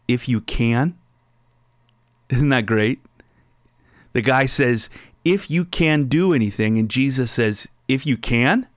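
A man's voice: on the low side, dry recording, clean studio sound. A man preaching a sermon, reading scripture aloud and explaining it line by line. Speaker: pastor.

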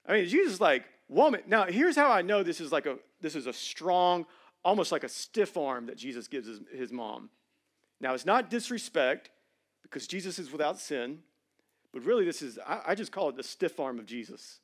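A man preaching a sermon from a church stage, conversational and joking, with emphatic swings in loudness. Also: fairly high pitch, sing-song, normal speed. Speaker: pastor.

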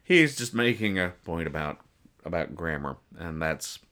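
A man's voice: low-pitched, expressive, normal speed, a bit bright. A man hosting a podcast, reading comic strips aloud in casual chat and joking in a dry, mock-serious way with many restarts.

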